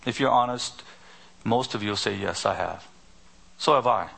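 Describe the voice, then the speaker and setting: A man's voice: fairly low pitch, moderate pace, vocal fry, fairly bright tone, breathy edge. A man preaching a sermon as a pastor, pressing his listeners with rhetorical questions one after another. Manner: rhetorical repeated questions, emphatic.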